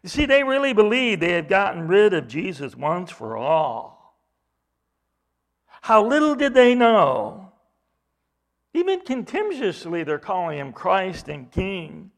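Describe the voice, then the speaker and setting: A man's voice: sits high, sing-song, slow pace, creaky, long pauses. A man preaching an expository sermon, emphatic, acting out mocking voices as he reads.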